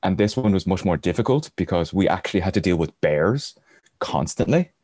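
A man's voice: deep voice, expressive, brisk, a little mellow, no room sound, clean studio sound. A man, a podcast guest, telling a rambling travel anecdote in casual storytelling style and chuckling as he goes.

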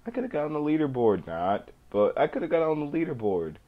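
A young man giving excitable, jumpy let's play commentary as a gaming YouTuber. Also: on the high side, quick pace. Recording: dull lo-fi home mic.

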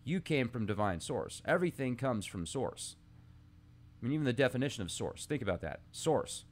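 A podcast host muses aloud in a rambling, casual monologue full of asides, reading old texts aloud between his thoughts. His mid-range voice is sing-song and moves at a moderate pace.

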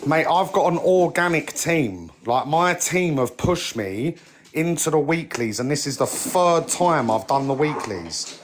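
A man's voice: a little high, animated, measured pace, a little hiss or hum. A young man venting angrily on a live stream, swearing and leaning on "mate" and "like". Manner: heated, swearing, repeats "mate" and "like". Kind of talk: angry rant on a live stream.

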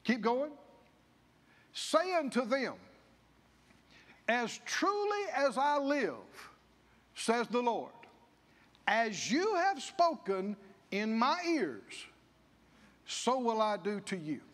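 A man's voice: extremely high pitch, sing-song, very slow, long pauses, a bit bright, in a large hall. A male pastor preaching a sermon, folksy, acting out the grumbling of the people. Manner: folksy, acts out the people's grumbling in character voices. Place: church.

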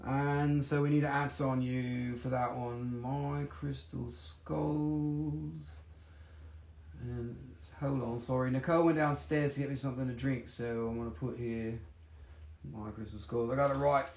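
A man's voice: medium pitch, fairly even intonation, unhurried, a little mellow. Rambling, joking man selling crystals live. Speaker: crystal shop live-sale host. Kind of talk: casual live sales stream.

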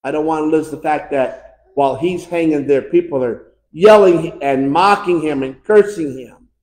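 An American pastor preaching a fervent sermon, swinging between shouted climaxes and hushed, quiet lines. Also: male voice, on the high side, normal speed. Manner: impassioned preaching, building to shouts and dropping to hushed tones. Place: church sanctuary. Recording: echoey church room.

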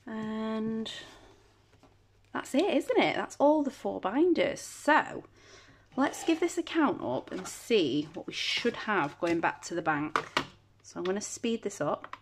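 A woman chatting casually at home as a budgeting vlogger, counting banknotes aloud in a steady patter. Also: on the high side, takes it slowly, pauses often, slight background noise. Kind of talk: casual chat while counting cash.

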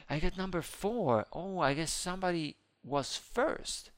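A man hosting a casual let's-play, commenting on a game as he plays. He is excitable, swinging between squealing high exclamations and low muttering. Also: a little slow. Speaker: gaming channel host.

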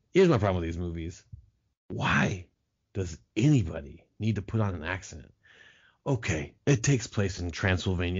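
A man's voice: low voice, husky, highs cut off. A man talking as a podcast guest, riffing in a profane, sarcastic way in casual chat.

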